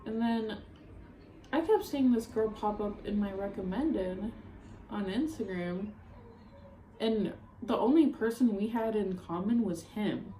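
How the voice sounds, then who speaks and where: Young woman, upset, rambling, swearing, mellow voice, roomy echo. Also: medium pitch, a little slow, slight background noise. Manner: emotional, rambling, many fillers and swearing. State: upset, near tears. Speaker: vlogger. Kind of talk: ranting storytime vlog.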